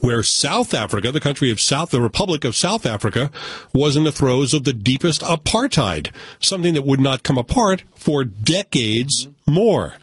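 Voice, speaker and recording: A man's voice: mid-range voice, big pitch swings, moderate pace, breathy edge, no room sound. A man from the United States giving a casual, opinionated film review with joking asides. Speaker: film critic.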